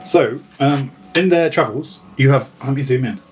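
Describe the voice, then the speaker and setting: A man's voice: medium pitch, moderate pace, slight background noise. A man running a tabletop game as game master, describing scenes in a chatty, filler-heavy way. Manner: chatty, filler-heavy narration with many likes and ums.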